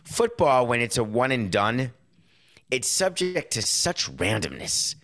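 A middle-aged man hosting a show, giving a casual sports commentary monologue with lots of rhetorical questions and quick self-corrections. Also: medium pitch, very animated, fairly bright tone, no echo. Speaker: podcast host.

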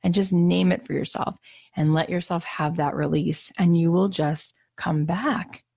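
A woman with a lowish voice gives an earnest mindfulness talk. She talks in an animated way and acts out the people she quotes. The sound is dry and close. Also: measured pace, creaky, husky, dry recording. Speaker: self-help speaker.

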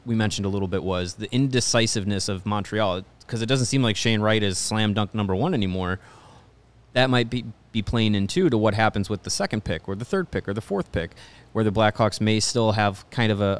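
A man co-hosting a sports podcast, talking in a halting way with many restarts. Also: lowish voice. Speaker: podcast co-host. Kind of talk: casual sports podcast chat. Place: studio.

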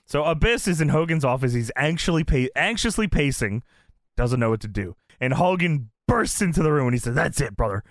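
A man co-hosting a casual chat, retelling scenes with laughter and a mocking gruff voice. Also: a little high, expressive, a little fast, no echo, clean studio sound. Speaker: podcast co-host. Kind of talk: casual chat recapping wrestling.

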